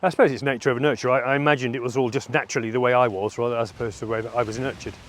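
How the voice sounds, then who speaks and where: A middle-aged man talks through a personal vlog monologue in a candid, self-reflective way. His delivery is halting, and his voice sits at an ordinary middle pitch. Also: fairly even intonation. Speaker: vlogger.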